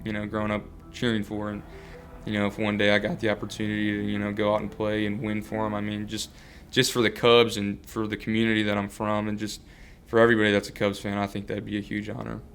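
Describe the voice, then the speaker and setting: A man's voice: lowish voice, monotone, fast, fairly bright tone, soft background music. A young man in his twenties, talking earnestly in a casual interview as a baseball player, full of fillers and restarts.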